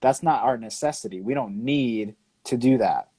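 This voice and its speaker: A man co-hosting a discussion show, talking in a measured, reflective way with some hesitant restarts. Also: mid-range voice, dark tone, breathy edge, dry recording, rough recording. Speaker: podcast co-host. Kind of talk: casual discussion.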